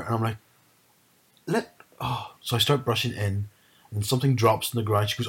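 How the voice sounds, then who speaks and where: A man's voice: on the low side, fairly quick, slightly rough. A man, chatting casually and animatedly retelling a story. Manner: animated storyteller, mimics his mum.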